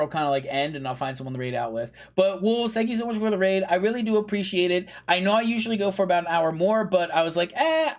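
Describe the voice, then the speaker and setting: This high-voiced game streamer rambles through casual live-stream chat, heavy on fillers and chatter, and keeps pushing his plugs in a playful way.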